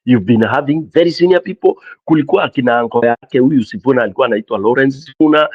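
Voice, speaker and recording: A man with a Kenyan accent hosting a casual call-in talk show, animated and mixing English with Swahili. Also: medium pitch, fast, breathy edge, no room sound, highs cut off. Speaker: host of a call-in political show. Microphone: streaming mic.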